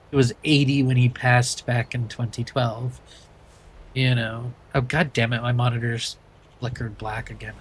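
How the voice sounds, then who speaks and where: A man's voice: mid-range voice, a bit bright, a little hiss or hum, rough recording. Rambling man with a light Maine accent. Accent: light Maine with a touch of Southern. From Maine, USA. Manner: rambling and chatty, many restarts. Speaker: streamer. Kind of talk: casual chat while playing a driving game.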